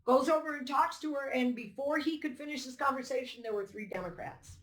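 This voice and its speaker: A woman's voice: sits high, fairly quick, a little hiss or hum. An older woman giving an emphatic, indignant interview account, acting out the dialogue as she tells it. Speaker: poll challenger recounting events. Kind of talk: interview testimony. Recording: roomy echo.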